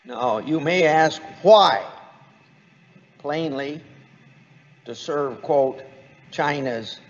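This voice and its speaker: A man giving a formal prepared speech, reading quotes aloud in a deliberate way. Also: on the high side. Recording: dull, lo-fi recording in a long-reverb hall.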